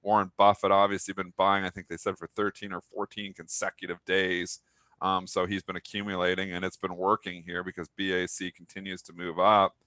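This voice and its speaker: A man co-hosting a pre-market stock show, chatting casually with animated, joking banter. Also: low-pitched, a little fast, no room sound.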